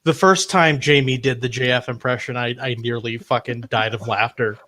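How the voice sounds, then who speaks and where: A man's voice: medium pitch, fairly even intonation, moderate pace, pushed and bright. A man in a casual chat, laughing along and answering in short protests.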